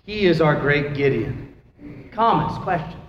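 A man's voice: fairly high pitch, lively intonation, unhurried. A man, a pastor, teaching a Bible class in a casual, joking way and asking the class questions. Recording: echoey hall, dull lo-fi sound, faint noise.

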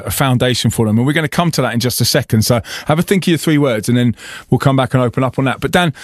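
A man's voice: medium pitch, dry recording. A man hosting a podcast in casual chat, chatty and often laughing, talking from a small insulated studio. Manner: chatty, laughing, filler-heavy. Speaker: podcast host.

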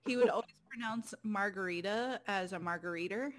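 A woman chatting casually on a podcast. She states her opinions bluntly and plainly, in a mid-pitched, everyday voice. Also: sing-song, moderate pace, background noise. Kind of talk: casual chat.

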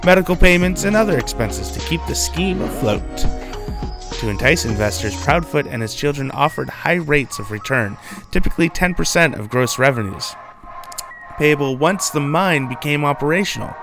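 A man's voice: on the high side, normal speed. Man reading local news over music. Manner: steady newsreading with joking asides. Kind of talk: read local news bulletin with quips.

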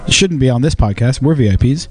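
A man's voice: mid-range voice, expressive, fast, darkish tone, faint music behind. A man co-hosting a podcast in casual chat, with playful, anxious, self-mocking whining. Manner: anxious, jokey, whiny self-deprecation. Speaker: podcast co-host.

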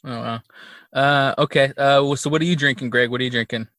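A man's voice: mid-range voice, fairly even intonation, fairly quick, pushed and bright, dry recording, clean studio sound. A man hosting a casual podcast chat, rambling with lots of fillers and easy laughs. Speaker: podcast host.

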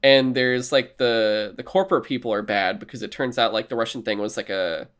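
A man in casual podcast chat, retelling movie plots with animated, profane storytelling and acted-out lines. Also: medium pitch, fairly quick.

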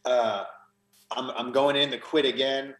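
A man of middle pitch speaking as a podcast guest, earnest and emotional as he tells his story and often restarts his phrases. His voice carries a noticeable room echo. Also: fairly even intonation, measured pace. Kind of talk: conversational testimony.

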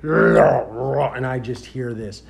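A man who works as a deputy, telling a story in a casual, rambling way with many fillers and growing loud and animated as he goes. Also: medium pitch, moderate pace. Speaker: sheriff's deputy.

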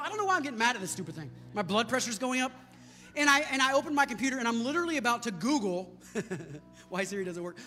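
A man with an American accent, a pastor telling a story in a sermon that builds to shouted preaching. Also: extremely high pitch. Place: church sanctuary. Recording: church hall reverb with music.

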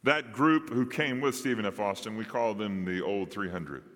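A man's voice: on the low side, fairly bright tone. Man preaching in a reverberant hall. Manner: preaching with dramatic pauses, rising and dropping emphasis. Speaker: pastor. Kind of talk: sermon. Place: church sanctuary.

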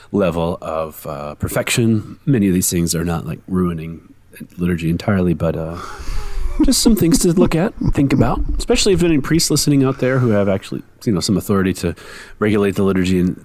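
A man's voice: sits low, no room sound. A man co-hosting a podcast, griping in a playful, cranky way during casual chat. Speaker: podcast co-host.

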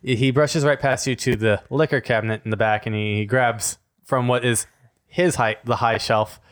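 Male game master, easygoing narrator, halting casual delivery. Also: mid-range voice, steady tone. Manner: casual, hesitant, many fillers and laughs.

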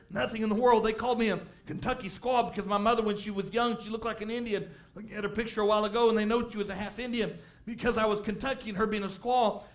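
A man preaching a sermon, telling a story and rising to shouts of emphasis. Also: sits high. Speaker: pastor.

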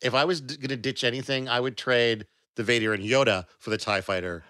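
A man's voice: steady tone, fairly quick, sharp tone, no room sound, studio quality. A man co-hosting a podcast, chatting casually about a novel and reading passages aloud. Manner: reads aloud, raising his pitch for quoted lines. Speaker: podcast co-host. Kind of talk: casual book discussion with a dramatic reading.

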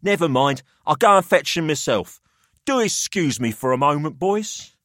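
A man's voice: a little high, lively intonation, normal speed, a bit bright, dry recording, clean studio sound, voice pushed up. A man voicing a pushy, jovial older male collector who talks down to two young men. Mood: showy. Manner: expansive, theatrical, patronising.

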